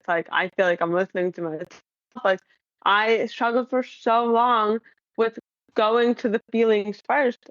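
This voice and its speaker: A woman's voice: medium pitch, a bit bright, no echo. Candid laughing woman, dull lo-fi mic. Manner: candid, self-deprecating, laughs often, many fillers. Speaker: podcast guest. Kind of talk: casual conversation.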